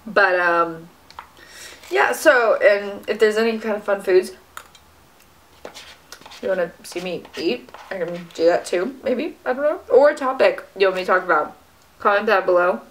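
A woman's voice: mid-range voice, normal speed, long pauses. A young woman chatting casually while she eats, with frequent fillers and little "mm" sounds. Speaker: fitness vlogger. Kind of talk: casual mukbang chat to camera.

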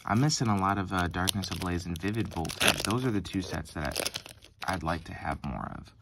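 Young male host, deep-voiced, casual rambling commentary. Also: moderate pace, heavy background noise. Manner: chatty, rambling, lots of ums and self-corrections. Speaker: card-opening channel host. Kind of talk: casual pack-opening commentary.

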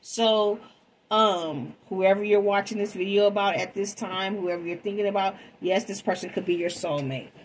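Woman tarot reader, casual and chatty with her audience, mid-pitched, light background hiss. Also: normal speed, low-quality recording. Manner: chatty, calls viewers "babies" and "y'all". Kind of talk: casual tarot reading vlog.

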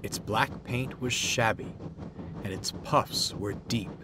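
A man narrating a storybook tale in a calm, deliberate manner. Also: medium pitch, noisy background.

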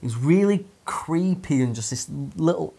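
A man's voice: on the high side, animated, moderate pace, creaky, mellow, breathy edge. A young man telling a long story in casual podcast chat, swearing often, laughing and using lots of fillers.

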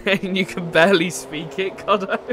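Young english guy rambling on a racing game stream, a bit high voice, engines roaring behind. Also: steady tone, measured pace, noisy background. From England. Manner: rambling, chatty, swears and laughs, answers chat. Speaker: gaming streamer. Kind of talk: casual chat while playing a racing game.

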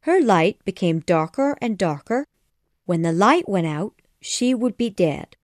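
A woman narrating a children's classic audiobook in a measured, expressive storytelling manner. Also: medium pitch, no echo, clean studio sound.

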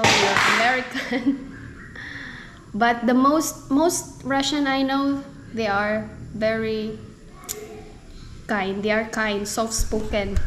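Woman vlogging, chatty, laughs a lot, talks slow, fairly high voice, noisy background. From Philippines. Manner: chatty, laughing often between phrases. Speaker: family vlogger. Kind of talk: casual vlog chat to camera.

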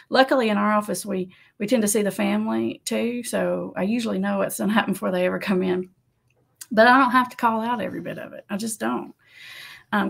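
A woman who works as an addiction counselor, giving casual advice to camera in a conversational, animated way. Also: medium pitch, gravelly, slightly rough. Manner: conversational, animated, laughs often, acts out quotes.

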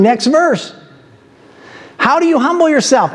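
A man delivers a sermon from the pulpit, his voice sitting noticeably high for a man. He teaches verse by verse and climbs into emphatic, preacherly exhortation. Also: sing-song, unhurried, long pauses. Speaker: pastor. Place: church sanctuary.

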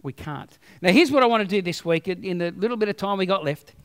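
A man preaching a sermon as a pastor, telling stories with animated humor. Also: high-pitched, fast talker, smooth, in a large hall.

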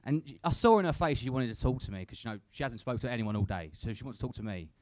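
A man's voice: medium pitch, expressive, racing, a little mellow, no room sound. A young man doing a crude, sweary stand-up set at a comedy club, tagging lines with "innit". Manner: crude, swears a lot, tag questions like "innit".

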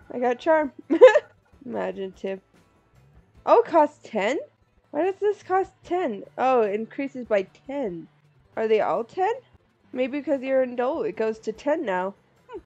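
A woman's voice: a little high, lively intonation, measured pace, a little mellow, dry recording, dull audio. A woman casually commenting on a life-sim game, thinking aloud over her choices. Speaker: gamer playing a life sim. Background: faint game music.

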